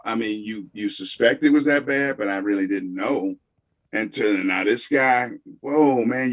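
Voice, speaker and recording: Agreeable male guest chatting casually. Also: mid-range voice. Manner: relaxed, agreeable, short backchannels. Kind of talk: casual chat.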